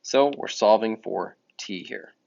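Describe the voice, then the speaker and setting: Male math teacher, low gravelly voice, relaxed self-correcting explainer, muffled recording. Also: unhurried. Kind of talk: recorded classroom lesson. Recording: dull lo-fi audio.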